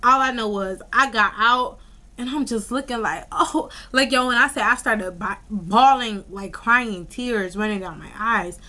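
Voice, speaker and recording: Brief: young woman vlogger, bright and slightly high voice, slangy animated storytelling. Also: measured pace. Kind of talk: casual storytime vlog.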